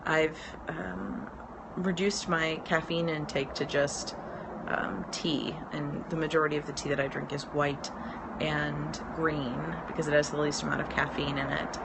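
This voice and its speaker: This woman speaks in a low, flat, unhurried way with vocal fry, streaming live from an outdoor porch where road noise is audible. She's a business mentor in her thirties, casually rambling with lots of ums and light laughter.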